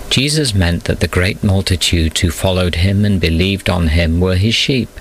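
A man narrating a Bible story for children in a calm, measured reading voice. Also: low-pitched, a little hiss or hum, rough recording.

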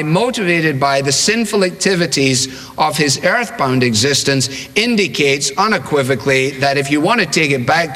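A man delivering a sermon, emphatic and repetitive, slowing down to read out verses. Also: fairly high pitch, sharp tone. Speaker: preacher. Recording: long hall reverb.

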